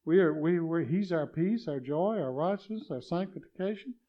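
Excitable preacher man, loud and soft by turns. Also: a little high, moderate pace, lo-fi sound. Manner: swings between loud exclamations and quiet asides, laughs between lines. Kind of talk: sermon.

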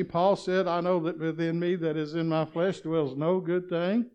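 A man preaching a sermon, swinging between loud exclamations and quiet, chuckling asides. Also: fairly high pitch, little pitch movement, normal speed, smooth.

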